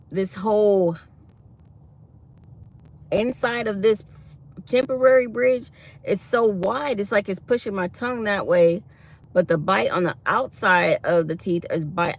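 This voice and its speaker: A woman's voice: medium pitch, unhurried, long pauses. A woman chatting casually to her viewers, animatedly retelling her day. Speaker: vlogger.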